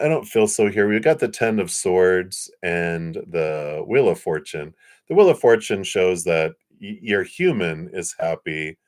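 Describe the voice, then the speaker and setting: A man giving tarot readings live. He talks gently and reassuringly, rambling with fillers and restarts. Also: low-pitched. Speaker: tarot reader.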